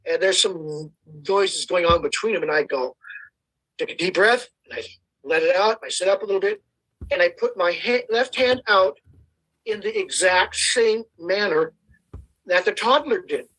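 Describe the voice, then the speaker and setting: An older storyteller on a podcast, calmly walking through a personal encounter step by step and quoting their own thoughts along the way. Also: mid-range voice, normal speed, poor audio. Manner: calm, step-by-step telling with quoted inner thoughts.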